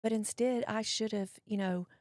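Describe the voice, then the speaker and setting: A woman's voice: medium pitch, moderate pace, no room sound, studio quality. A middle-aged woman, a guest telling a personal story in an interview, acting out what people said to her. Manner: animated storyteller acting out quotes, drawling voices.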